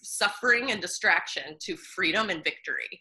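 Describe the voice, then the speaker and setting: A woman's voice: fairly low pitch, moderate pace. Bubbly, laughing nutritionist woman. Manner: bubbly, laughs often, animated asides. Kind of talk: casual podcast interview.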